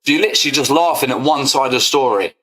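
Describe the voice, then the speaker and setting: A man's voice: mid-range voice, rapid-fire, a bit bright. Furious swearing man. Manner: confrontational, swearing, repetitive "yeah?". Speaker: football fan channel host. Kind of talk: angry rant to camera.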